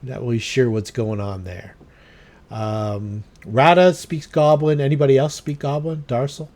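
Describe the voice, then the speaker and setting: A man's voice: mid-range voice, fairly even intonation, a little slow, a little mellow. A man running a tabletop game as game master, narrating the enemies' moves and thinking aloud with fillers.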